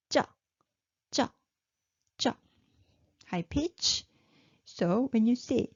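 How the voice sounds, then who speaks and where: A Korean language teacher with a medium-pitched, slightly mellow voice leads a slow, drilled pronunciation lesson, repeating each syllable three times and praising her learners. The recording is slightly dull and lo-fi, with no echo.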